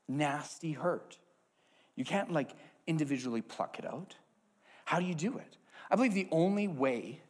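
Man, preacher, sermon, object lesson, animated, hushed to loud. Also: fairly high pitch.

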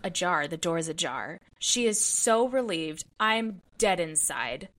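A woman's voice: fairly low pitch, expressive, a little slow, fairly bright tone. A woman co-hosting a book club podcast, retelling the plot in casual chat, dramatic and openly emotional.

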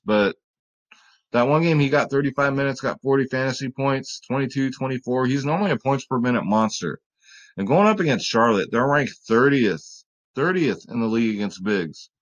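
A fantasy sports vlogger with a mid-range, fairly bright voice casually runs through fantasy basketball picks. His betting talk rambles and jokes, and he often calls his viewers "guys."

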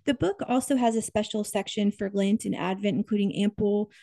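An earnest woman in her thirties hosts an interview, speaking expressively with upbeat agreement. Her mid-pitched voice has a slight gravelly fry. The recording is close and dry. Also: brisk, no echo. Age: 30s. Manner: earnest, expressive, upbeat, tearful while reading aloud. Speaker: podcast host. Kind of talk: interview conversation.

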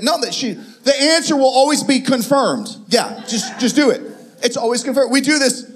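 A middle-aged man gives a sermon as an animated story, his voice sitting fairly high for a man. He plays both sides of a conversation and stumbles through many restarts. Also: normal speed.

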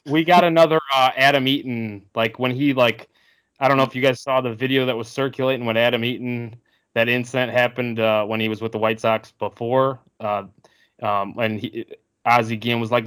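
A man's voice: mid-range voice, fairly even intonation, brisk, fairly bright tone, clear, resonant tone. A man co-hosting a casual sports podcast, rambling with many fillers and restarts. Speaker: podcast co-host.

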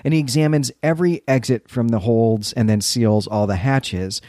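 A man's voice: mid-range voice, moderate pace, mellow, dry recording. Man retelling a story, dry close sound. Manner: retells the plot and breaks in with commentary. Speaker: podcast co-host. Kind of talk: casual literary discussion.

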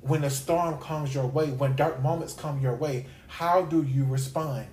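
A man's voice: fairly high pitch, steady tone, unhurried, darkish tone, reverberant, a little hiss or hum. A man giving a sermon-style podcast talk as host and Bible teacher, emphatic and repetitive, piling up lists of questions.

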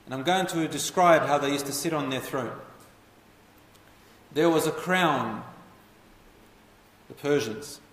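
A man telling a history story as a lecture, animated and putting questions to his listeners. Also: on the high side, slow, pauses often. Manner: animated, asks the audience questions. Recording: echoey hall, voice from far off.

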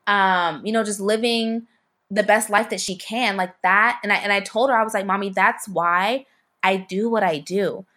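A woman's voice: mid-range voice, fairly bright tone. A young woman photographer telling a personal story in casual conversation, chatty, with lots of fillers and restarts. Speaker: photographer and podcast guest.

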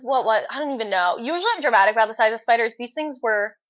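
A young woman co-hosting a podcast, telling a story in an animated, dramatic way. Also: fairly high pitch, rapid-fire. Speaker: podcast co-host. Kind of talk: casual chat. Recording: dull lo-fi recording.

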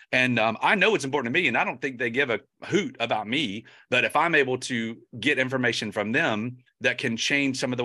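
A man hosting an interview podcast, chatty and thinking out loud, with frequent restarts and stumbles. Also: mid-range voice. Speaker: podcast host. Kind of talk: casual interview chat.

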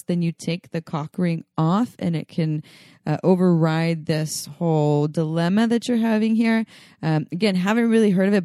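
A woman's voice: fairly low pitch, mellow, no room sound, studio quality. A woman co-hosting a podcast, chatting casually and explaining things in a frank, matter-of-fact way. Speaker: podcast co-host. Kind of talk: casual chat.

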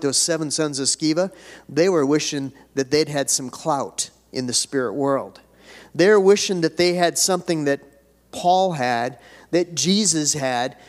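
An older man preaching a sermon, folksy and conversational, then building to emphatic declarations. His voice sits somewhat high. The reverb of a church hall trails after each line. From United States. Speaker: pastor. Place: church sanctuary.

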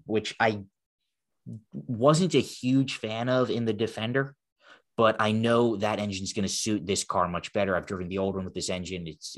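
Man, low-ish voice, casual car talk, relaxed, stop-start phrasing. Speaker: co-host.

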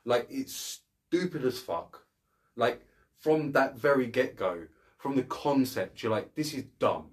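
A man's voice: medium pitch, lively intonation, takes it slowly. A man co-hosting a casual film review podcast, ranting bluntly and swearing often. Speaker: podcast co-host.

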